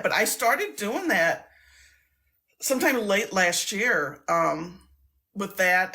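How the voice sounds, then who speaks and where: A woman's voice: mid-range voice, vocal fry, bright, forceful tone. A woman hosting a live stream, chatting casually and rambling, laughing often.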